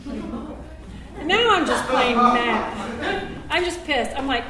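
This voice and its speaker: A high-voiced woman tells a true story live on stage. She acts out each quote with sudden jumps in pitch and volume. Her sharp, bright voice carries through an echoey venue, caught from some distance with faint room noise behind it. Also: expressive, a little slow, some chatter behind. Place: stage at a benefit show.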